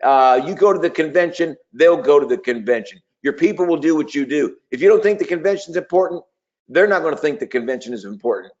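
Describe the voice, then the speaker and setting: A man coaching new recruits in a webinar, persuasive and energetic, at times role-playing a conversation. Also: on the high side, fast talker. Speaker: sales trainer. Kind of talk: webinar training talk with role-play. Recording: dull lo-fi webinar audio.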